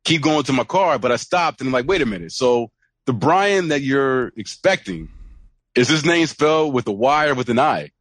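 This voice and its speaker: A male podcast co-host telling a funny anecdote in a lively, up-and-down voice. He acts out other people's lines as he goes. The sound is close and dry, with no room echo. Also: medium pitch, normal speed. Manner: animated storytelling, acts out quoted voices. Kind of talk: casual chat.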